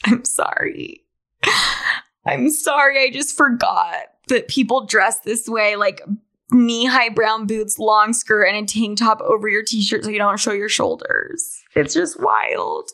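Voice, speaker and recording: A woman's voice: on the high side, expressive, measured pace, sharp tone. A woman in her late twenties from Utah, hosting her podcast in a candid, chatty monologue, often laughing. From Utah, USA. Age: 20s. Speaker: podcast host. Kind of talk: casual monologue.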